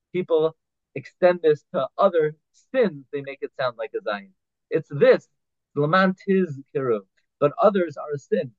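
Man as a Torah teacher, middle pitch, phone-like sound, dry. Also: dry recording. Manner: reads Hebrew phrases then explains them in English, with restarts and fillers. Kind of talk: halacha class, translating Hebrew text line by line. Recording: tinny phone-like line, dry.

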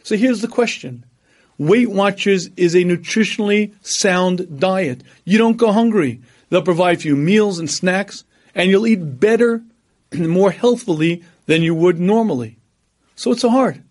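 A man lecturing on religion, his voice sitting fairly high for a man. He mixes stories with teaching, acts out the people in them, and keeps pausing to clear his throat. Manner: storytelling, animated quoting of others.

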